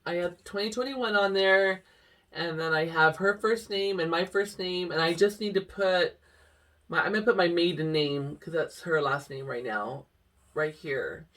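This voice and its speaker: A woman's voice: fairly low pitch, normal speed, fairly bright tone, distant mic. A middle-aged woman chatting casually to camera about her cross-stitch projects, rambling and laughing often. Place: home room.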